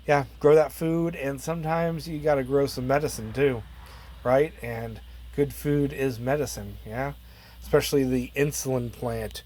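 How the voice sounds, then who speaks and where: Laid-back guy rambling about his plants, mid-pitched voice, lots of "you know" and "uh". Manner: rambling, relaxed, many fillers and trailing asides. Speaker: plant grower and channel host. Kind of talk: casual gardening vlog.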